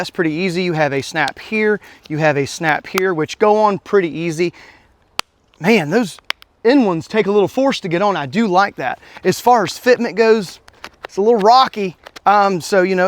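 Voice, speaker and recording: A man's voice: high-pitched, a little hiss or hum. A man hosting his own channel, giving a casual, enthusiastic hands-on review in a folksy, chatty way. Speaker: gear reviewer, channel host.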